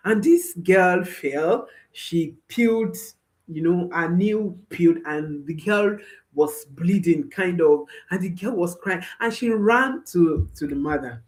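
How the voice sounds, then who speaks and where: A woman's voice: lowish voice, slow pace. A woman parenting coach giving advice to viewers, emphatic, often repeating her phrases and checking in with a questioning "hmm?".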